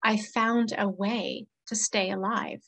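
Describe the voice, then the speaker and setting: A woman's voice: medium pitch, slow, creaky, breathy edge, low-quality recording. A woman speaking as a therapist in a casual conversation, earnest and reflective. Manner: earnest, reflective, quotes clients in lively voices. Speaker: therapist guest.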